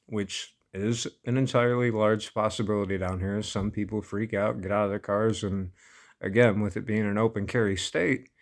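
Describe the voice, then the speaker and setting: Amused man telling a story, low voice. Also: fairly even intonation, moderate pace. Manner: laid-back, amused, laughs often. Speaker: vlogger. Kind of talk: casual storytelling.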